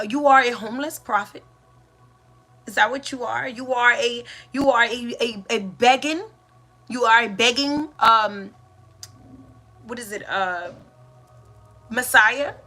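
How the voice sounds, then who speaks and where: Woman host, slightly high, bright voice; reflective spiritual talk, strings of rhetorical questions. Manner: asks many rhetorical questions, with pauses and restarts. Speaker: podcast host and doula.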